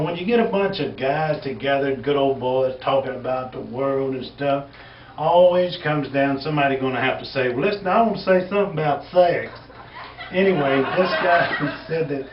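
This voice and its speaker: A man from Texas with a West Texas accent, telling folksy jokes in a rambling, drawling way and chuckling as he goes. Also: medium pitch. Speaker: comedian. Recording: echoey, distant, dull lo-fi recording with faint hiss.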